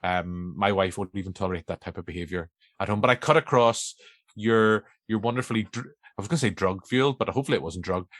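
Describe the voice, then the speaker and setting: A middle-aged Northern Irish man hosts a film podcast in a loose, rambling chat, poking fun at himself as he goes. His voice sits a little low, and the sound is dry and close. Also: fast talker, a bit bright, no room sound. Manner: chatty, rambling, self-mocking. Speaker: podcast host. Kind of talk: casual chat.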